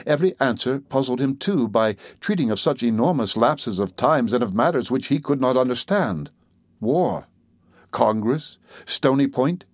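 A man reading a story aloud in a steady, measured narrating voice. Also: mid-range voice, no room sound, clean studio sound. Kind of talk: audiobook narration.

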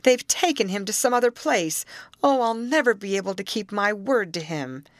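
A woman's voice: medium pitch, expressive, normal speed, dry recording, voice pushed up, natural voice. Woman doing a worried young girl crying out, upset, dry sound. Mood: distressed. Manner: distressed crying out.

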